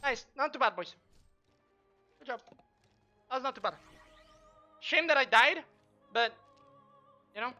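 A man streaming a game with casual, profane commentary, trash-talking and shouting during fights. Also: extremely high pitch, lively intonation, dull audio, faint music behind. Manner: brash, profane, quick to trash-talk. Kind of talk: live gameplay commentary.

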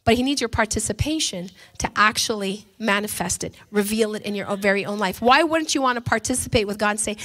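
Woman pastor, sermon from the pulpit, higher voice, passionate delivery. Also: fairly quick. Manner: impassioned, swings between quiet and loud. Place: church pulpit.

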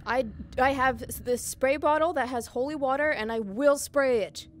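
A young woman streaming a VR horror game, jumpy and quick to yelp and swear at each scare. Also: high-pitched, a little hiss or hum. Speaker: VTuber streamer. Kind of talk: horror game livestream commentary. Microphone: headset in VR.

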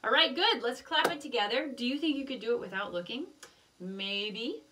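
A woman teaching a music lesson to young children, gently encouraging and chanting rhythm syllables in a sing-song voice. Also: fairly high pitch, moderate pace, distant mic, noisy background.

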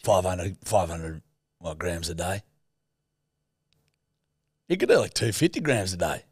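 Swearing, joking bloke. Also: male voice, deep voice, big pitch swings, unhurried, breathy edge, no echo, studio quality. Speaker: podcast co-host. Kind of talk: casual chat.

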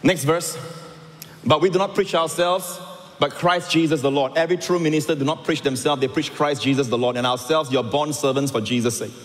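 A man preaching a sermon as pastor, animated with rising emphatic lines. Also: fairly high pitch, fairly quick. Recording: long hall reverb.

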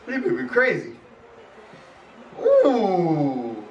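Excitable young man, echoey room. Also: high-pitched, drawn-out words, dull audio, a little hiss or hum. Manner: excitable, exclaiming in slang. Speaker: reaction video host. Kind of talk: casual reaction commentary. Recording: roomy echo, distant from mic.

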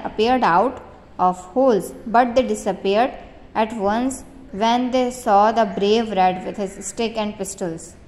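Slow-speaking teacher woman, echoing room. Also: on the high side, a little mellow. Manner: reads a line, then explains it in simple words, asking questions. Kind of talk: reading a story aloud and explaining it to children. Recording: long echoing reverb.

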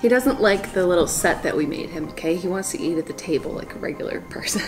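A woman's voice: on the low side, quick pace, few pauses, soft background music. A woman vlogging at home, gushing in baby talk to her pet and laughing often. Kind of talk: casual home vlog.

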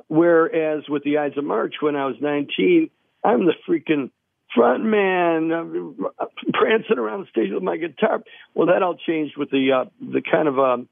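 A gravelly older man in his sixties rambles through anecdotes, full of fillers and restarts. His voice sits a bit high for a man. It comes through a tinny, narrow phone line. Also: dry recording. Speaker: guest musician. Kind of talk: casual phone interview storytelling.

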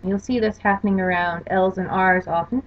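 In a steady, mid-range voice at normal speed, a female language lecturer works through a slide-show lesson, explaining rules carefully and spelling out examples. The recording is dull and lo-fi.

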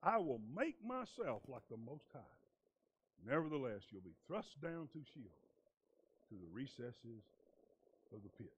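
A male pastor giving a sermon, moving between quiet, low reading and loud, emphatic preaching, repeating words for emphasis. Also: big pitch swings, a little slow, long pauses, breathy edge, poor audio. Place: church sanctuary.

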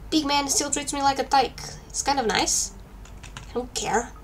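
Gravelly-voiced woman chatting while gaming. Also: high voice, normal speed. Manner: chatty, talks to herself while playing. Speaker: gaming streamer. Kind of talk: casual let's-play commentary. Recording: faint background noise.

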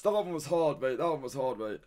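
A man's voice: mid-range voice, lively intonation, a little fast, a little mellow. A young man streaming a guessing game, frustrated and swearing, tacking "mate" onto almost everything he says. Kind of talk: casual live-stream gameplay commentary.

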